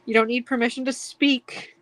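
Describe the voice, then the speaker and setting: Guest artist, a woman with a fairly high voice, quick and laughing, recorded dry. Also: flat delivery, fairly bright tone, no echo. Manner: chatty, laughs often, quick banter. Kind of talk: casual chat while drawing on a stream.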